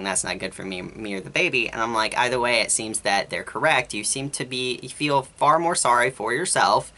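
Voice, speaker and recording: In a mid-range voice with a sharp edge, a vlogger rambles through a long, exasperated storytime rant, quoting what each side said in the argument.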